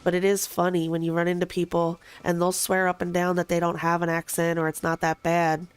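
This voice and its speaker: A woman with a Philadelphia and South Jersey accent, chatting casually and thinking out loud while streaming a video game. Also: fairly low pitch, completely flat delivery, a little fast, clear, resonant tone. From Philadelphia, then southern New Jersey. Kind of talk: casual gameplay commentary.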